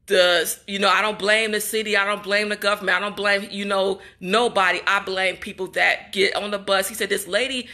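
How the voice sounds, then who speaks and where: A woman's voice: mid-range voice, fairly even intonation, brisk, few pauses, sharp tone. A young woman from Chicago, a graduate student, venting in an upset, emotional vlog straight to her viewers. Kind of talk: casual emotional vlog monologue.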